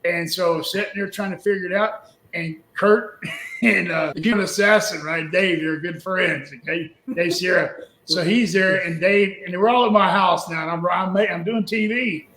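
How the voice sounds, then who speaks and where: A man's voice: high voice, fairly even intonation, normal speed, bright, forceful tone, a little hiss or hum. An older man, a former wrestling booker, telling a rambling, folksy story with chuckles in an interview clip. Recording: echoey room.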